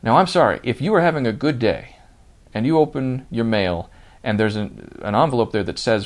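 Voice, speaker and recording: A married man hosting his own comedy podcast, ranting with growing indignation and then settling into relaxed storytelling. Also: moderate pace. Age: adult, married. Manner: indignant ranting, rising loud and high when worked up. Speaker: podcast host and stand-up comic. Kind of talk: solo comedy podcast rant.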